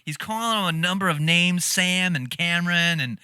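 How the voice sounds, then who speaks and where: A man's voice: high-pitched, moderate pace, few pauses, clear, resonant tone, no echo, studio quality. A man hosting a reaction video, talking casually with lots of laughter and swearing. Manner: animated, laughs often, swears freely.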